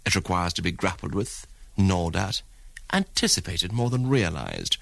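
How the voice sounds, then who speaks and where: A man's voice: sits low, animated, moderate pace, gravelly, a bit bright, no room sound. A man narrating a documentary in a wry, ornate storytelling manner. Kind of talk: scripted narration.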